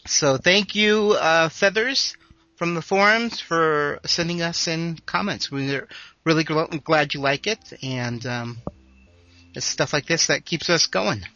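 A man hosting a podcast in casual chat, easygoing and quick to laugh, with light hesitations. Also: on the high side, sharp tone, no echo. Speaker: podcast host. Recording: slightly dull, dry sound, faint music.

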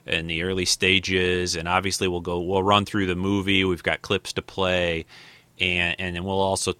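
Deep, bright-toned podcast host in his 50s. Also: level tone, moderate pace, smooth, no echo. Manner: rambling, many fillers and restarts, thinks aloud. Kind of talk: casual podcast chat.

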